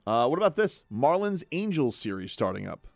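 A man's voice: mid-range voice, creaky, dry recording, studio quality. A man hosting a sports radio show, bantering casually with his co-hosts and joking around. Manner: animated, joking, quick to shout out lines.

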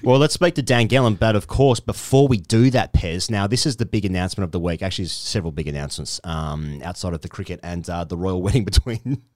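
Low-voiced sweary co-host. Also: male voice, quick pace, hardly any pauses, a little mellow, no echo, clean studio sound. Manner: joking banter, sweary interjections. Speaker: podcast co-host. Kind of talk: casual chat.

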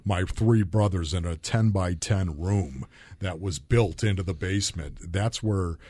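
A low, husky man's voice from Buffalo, New York, belonging to a former football player telling personal stories as a podcast guest. He speaks earnestly and lets his emotion show openly. The sound is dry and close. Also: measured pace, warm tone, no room sound. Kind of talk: candid personal storytelling.

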